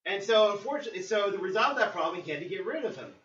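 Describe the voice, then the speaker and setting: Man, preacher, sermon, high bright voice, roomy distant dull recording. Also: rapid-fire, a little hiss or hum. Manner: lively storytelling with acted-out quotes.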